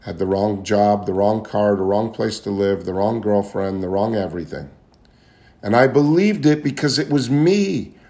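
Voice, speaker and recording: A man's voice: fairly low pitch, moderate pace, warm tone. A man telling his own recovery story in an earnest, confessional way, often repeating phrases as he searches for words. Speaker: speaker sharing recovery story. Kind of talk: personal testimony talk.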